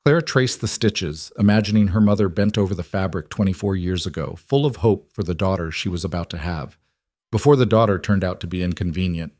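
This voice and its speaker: A man narrating a scripted story in a steady, measured way. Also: low voice, no room sound, studio quality.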